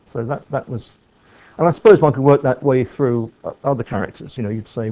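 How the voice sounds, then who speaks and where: Thoughtful man, mellow and rambling. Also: medium pitch, fairly quick, lo-fi sound. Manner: rambling, thoughtful, frequent restarts and asides. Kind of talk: reflective talk on film and writing.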